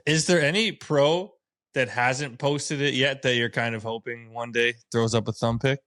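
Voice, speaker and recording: A man's voice: medium pitch, steady tone, normal speed, a bit bright. A man hosting a casual podcast interview, asking short, laid-back questions and reacting to the guest. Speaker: podcast host.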